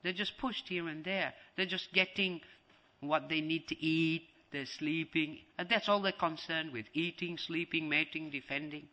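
A man's voice: fairly high pitch, normal speed. A man giving a devotional lecture as a spiritual teacher, repeating phrases for emphasis and acting out scenes. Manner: animated, acts out scenes.

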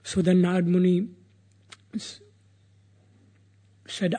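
A religious storyteller retells a sacred epic as a sermon, earnest and animated as he voices the characters' words. His voice is high-pitched, husky, and a little slow.

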